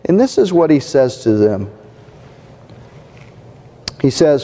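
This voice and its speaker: A man preaching a sermon as pastor, in a measured delivery that builds to an impassioned, rousing pitch. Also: sing-song, mellow, long reverb tail.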